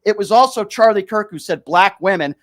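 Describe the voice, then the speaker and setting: Hosting a talk show, a man with a high-pitched voice, lively intonation and brisk delivery gets into a heated argument with a caller. He's combative, pressing the same question again and again.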